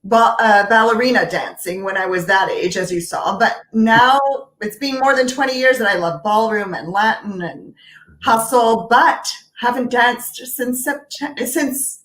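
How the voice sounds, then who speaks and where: A woman's voice: a little high, measured pace, a bit bright. A woman joining a talk show as a guest over a video call, speaking in a friendly way with some hesitant restarts. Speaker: guest, non-verbal communication expert. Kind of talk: casual interview. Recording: distant, roomy video-call audio.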